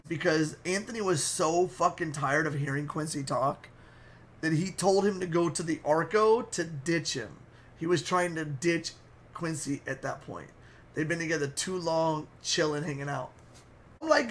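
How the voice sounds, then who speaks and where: A man with a high voice tells a wild story in a casual, animated rush. He swears freely and paints vivid pictures as he talks. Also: normal speed. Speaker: storyteller, streamer.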